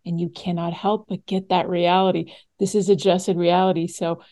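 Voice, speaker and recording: A woman's voice: lowish voice, flat delivery, normal speed, warm tone. Female podcast host, eager and a bit tongue-tied, casual interview tone. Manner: enthusiastic, stumbles into her sentences.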